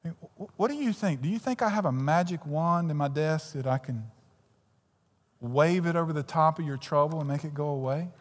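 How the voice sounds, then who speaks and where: A male pastor preaching in a sanctuary, his voice sitting notably high. He swings between emphatic peaks and hushed, drawn-out lines, and keeps putting direct questions to his congregation. A long reverb trails each phrase. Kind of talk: sermon.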